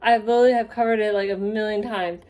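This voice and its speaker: Excitable young woman gushing in a vlog. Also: mid-range voice, quick pace, a little hiss or hum. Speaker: vlogger. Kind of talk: casual storytelling vlog.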